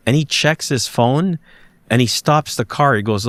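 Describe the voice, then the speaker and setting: A man telling a story as a podcast guest, animated, acting out the dialogue, often restarting his sentences. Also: medium pitch, moderate pace, no echo. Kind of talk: conversational storytelling.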